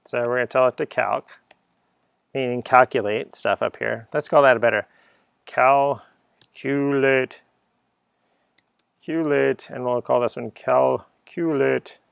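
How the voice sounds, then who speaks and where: A man's voice: medium pitch, steady tone, fairly quick, creaky, no room sound, clean studio sound. A middle-aged man giving an unscripted coding lesson, chatty and thinking aloud, humming little sound effects as he types. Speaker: coding teacher.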